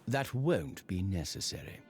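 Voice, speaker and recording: An actor with a British accent voicing a smug, theatrical gentleman detective in a game cutscene. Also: deep voice, big pitch swings. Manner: theatrical, smug, drawn-out reveals. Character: self-assured male gentleman detective. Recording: game audio with loud music behind. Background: loud game music.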